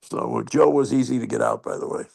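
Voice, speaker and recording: A man's voice: medium pitch, fairly even intonation, quick pace, vocal fry, darkish tone, husky. An older man telling rambling, salty stories as a guest on a video call. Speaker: guest storyteller. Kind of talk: anecdote over video call.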